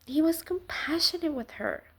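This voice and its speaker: A woman giving a casual faith talk to the camera, swinging from loud exclamations to soft near-whispers. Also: sits high, expressive, moderate pace. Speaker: Christian vlogger.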